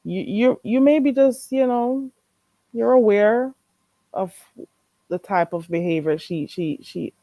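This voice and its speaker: A woman's voice: medium pitch, takes it slowly, mellow, dry recording. A woman who is not a native English speaker, co-hosting a casual chat and hesitantly searching for her words.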